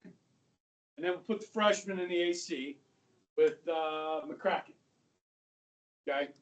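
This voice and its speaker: A male high school history teacher giving an animated classroom lecture, talking straight to his students and dropping to a whisper for asides. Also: takes it slowly. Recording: voice from a distance across a classroom.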